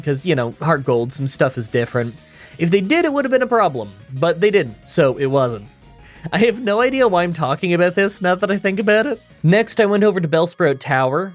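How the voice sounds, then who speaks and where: Recorded in a booth, this gaming YouTuber's voice is a little high, groggy as if just awake, and stuffy-nasal. He reads scripted voice-over commentary for a game challenge video with dry, self-mocking humor.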